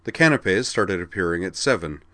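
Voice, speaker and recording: Reading a story aloud at a moderate pace, a deep, low-voiced man narrates steadily. The sound is close-miked and dry, without any trace of the room.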